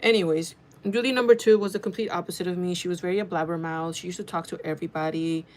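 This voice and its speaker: Chatty woman telling a story vlog. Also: on the low side. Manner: chatty, animated and profane, rushing in quick bursts. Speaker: vlogger.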